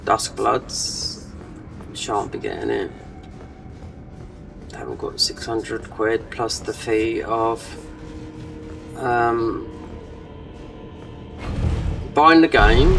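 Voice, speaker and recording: Rambling gamer talking over play; mic at a distance, faint music behind. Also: male voice, mid-range voice. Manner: rambling, trailing off, many fillers. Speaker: gaming channel host. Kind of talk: casual gameplay commentary.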